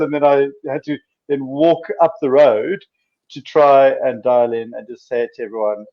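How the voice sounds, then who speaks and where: A man's voice: fairly high pitch, normal speed, muffled recording. A man, a doctor, chatting on a casual video podcast from a room in a mountain house, telling stories with earnest animation. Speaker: doctor and co-host.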